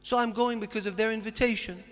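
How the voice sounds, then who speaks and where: A man's voice: high-pitched, steady tone, fast, fairly bright tone. A man giving a religious sermon, telling stories with earnest, rising emphasis. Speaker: preacher. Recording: long hall reverb.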